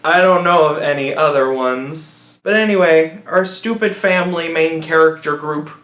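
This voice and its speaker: Speaking at a moderate pace with a fairly bright tone, a man with a slightly high voice rambles through a sarcastic movie review. He mocks the film as he goes and acts out its characters in silly voices, all captured with a roomy echo.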